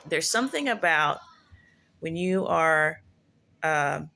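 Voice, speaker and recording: Low-voiced woman musing on spirit matters. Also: lively intonation, slow pace, vocal fry, sharp tone. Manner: rambling, full of "like" and "you know" fillers; musing, self-correcting storyteller. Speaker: prophetess sharing spiritual musings. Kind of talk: casual spiritual monologue.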